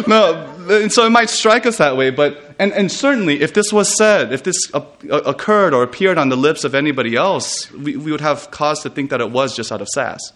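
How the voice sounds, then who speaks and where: A man preaching a retreat sermon, reading scripture and explaining it in an animated way, often laughing and restarting his sentences. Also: on the high side, moderate pace.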